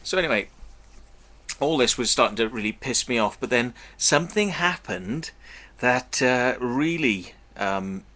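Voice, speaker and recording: A man's voice: mid-range voice, expressive, a little slow, sharp tone. A man telling a long story in a blunt, profane, meandering way to his viewers. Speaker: vlogger. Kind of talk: casual storytelling monologue.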